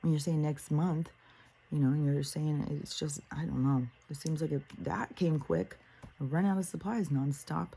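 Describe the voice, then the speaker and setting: An older woman with a low, gravelly voice that has a husky, mellow edge. She rants in a casual monologue, swearing freely and acting out what she and others said. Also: normal speed, low-quality recording. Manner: profane, ranting storyteller; animated, quotes herself and others. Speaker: host.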